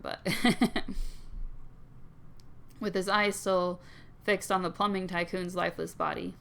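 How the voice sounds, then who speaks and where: A woman's voice: fairly low pitch, fairly bright tone, smooth. A woman reading a visual novel aloud, moving between the story's narration and her own playful, giggly remarks, and saying herself that she can't do accents. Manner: playful, giggly, does voices half-heartedly. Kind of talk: reading game dialogue and narration aloud with commentary.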